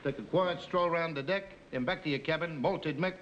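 A man's voice: a little high, normal speed, fairly bright tone, lightly acted. Give me a cheeky, scheming pal played by a man on old radio. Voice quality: chummy, wheedling, chuckling. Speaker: scheming friend. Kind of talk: 1950s radio comedy acting. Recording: muffled old radio recording with faint hiss.

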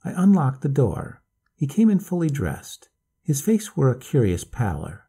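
Man reading a spooky story, husky mellow voice, swoops around a lot. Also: medium pitch, wildly swooping pitch, a little slow. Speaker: audiobook narrator. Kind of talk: scripted storybook narration.

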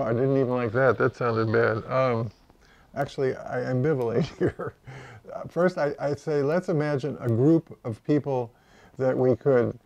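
Gravelly-voiced man hosting, halting speech. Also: medium pitch, darkish tone. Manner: halting, gropes for words with small laughs. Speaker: interview host. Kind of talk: casual conversation.

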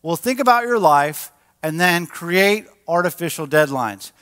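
Guy preaching a sermon, animated, acts out little voices, bright tone, big reverby church. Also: a little high, measured pace, clear, resonant tone. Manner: animated, acts out quotes with a raised voice. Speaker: pastor. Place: church sanctuary. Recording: large church hall with long reverb.

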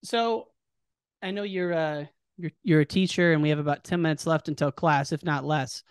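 A man's voice: fairly high pitch, steady tone, smooth, no room sound, clean studio sound. A man hosting a podcast, asking a guest questions in a casual, hyped-up way. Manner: hyped, cheers the guest on, quick follow-up questions. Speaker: podcast host. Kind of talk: casual interview chat.

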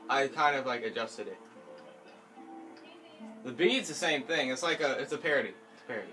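A man doing casual gaming commentary with a friend, pleading, teasing and yelping as he plays. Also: mid-range voice. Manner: excitable, yelps and shouts when playing. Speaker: gaming video host.

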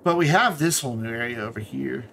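A man streaming himself playing a city-building game, talking casually in a relaxed, rambling way and trailing off into muttered asides. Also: medium pitch, fast talker, gravelly, slight background noise.

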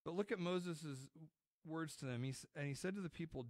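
A man's voice: a little high, a little fast, a little mellow, no echo, clean studio sound. A middle-aged man preaching a sermon as pastor, telling stories in a conversational way with frequent restarts.

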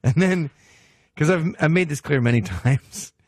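Animated man doing a comic monologue. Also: a little high, unhurried, slightly rough, no echo, studio quality. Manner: animated, jumps into silly voices for characters. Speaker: podcast host.

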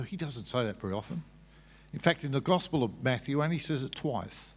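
A man's voice: mid-range voice, lively intonation, husky. Man explaining scripture in a reverberant hall. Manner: explains scripture patiently, halting restarts. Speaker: debater. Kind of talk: public debate answer.

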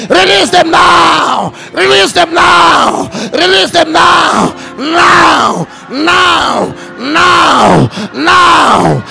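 A male preacher shouting repeated prayer declarations and leading the congregation in a sermon. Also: very high-pitched, gravelly.

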